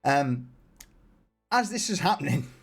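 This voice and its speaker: A man running a tabletop game as game master, laughing often and talking in quick asides. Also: a little high, sing-song, gravelly, slightly rough, faint music behind.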